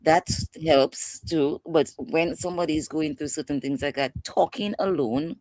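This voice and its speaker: A woman's voice: low voice, moderate pace, darkish tone, no echo. A woman guest in an interview, explaining advice in an emphatic, passionate way. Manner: passionate, emphatic, acts out quotes. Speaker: guest expert on mental health. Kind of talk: instructive interview talk.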